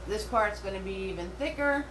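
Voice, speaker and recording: A middle-aged woman talks a class through a painting, chatty and rambling, stopping for fillers and restarts. Her voice sits at a middle pitch and carries the echo of an indoor room, picked up from away from the mic. A faint hum runs underneath. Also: expressive, normal speed, distant mic. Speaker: painting instructor. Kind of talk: live step-by-step painting class.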